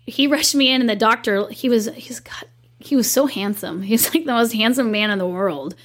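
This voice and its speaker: A woman in her thirties, a guest and company owner, telling a personal story in an animated, chatty way in a casual interview. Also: fairly high pitch, normal speed.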